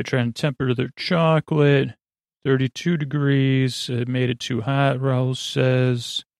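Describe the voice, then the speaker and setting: A man's voice: mid-range voice, vocal fry, no echo, studio quality. A man hosting a sleep podcast, recapping a TV episode in a meandering way with many filler words and self-corrections. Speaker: podcast host.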